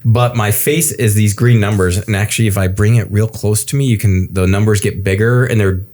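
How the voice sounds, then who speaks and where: A man co-hosting a casual podcast chat, with wry quick asides. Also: on the low side, steady tone, darkish tone. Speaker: co-host, computer science professor.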